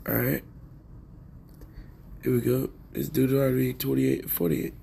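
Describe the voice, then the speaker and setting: Gravelly preachy man reading scripture. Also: medium pitch, flat delivery, unhurried, warm tone, slight background noise. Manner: preachy, keeps asking "all right?". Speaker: religious commentator.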